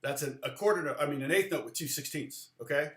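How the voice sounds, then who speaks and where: A middle-aged man teaching a live-streamed guitar lesson in a loose, chatty way, often counting rhythms out loud. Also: fairly high pitch, quick pace, echoey room. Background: guitar playing.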